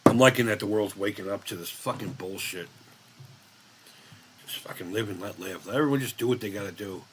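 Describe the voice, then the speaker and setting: A man's voice: on the low side, brisk, noisy background. An American man hosting a casual live chat, rambling and swearing freely as he laughs along. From United States. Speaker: live stream host.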